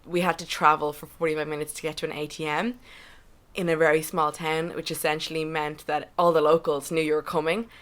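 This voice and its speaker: A young Irish woman chatting candidly as a podcast guest, with quick asides. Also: sits low, flat delivery, fairly bright tone. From Ireland. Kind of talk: casual podcast chat.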